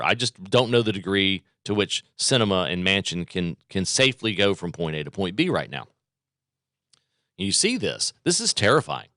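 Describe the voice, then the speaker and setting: Male talk radio host, punchy and repetitive delivery, low-ish voice on a bright, dry close mic. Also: no echo. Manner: emphatic, repeats phrases for effect. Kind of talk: political talk radio monologue.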